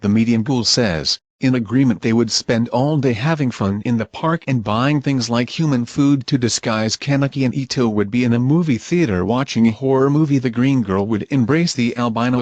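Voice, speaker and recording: A male text-to-speech voice narrating fan fiction in an even, machine-like way. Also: mid-range voice, no room sound, dull audio.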